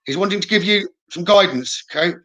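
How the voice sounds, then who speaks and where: A man giving a live psychic reading at a rapid pace. His voice is bright and sits slightly high. He relays messages in a steady, reassuring way and keeps checking in with his listener. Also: low-quality recording. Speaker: psychic medium. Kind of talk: live-streamed spirit reading.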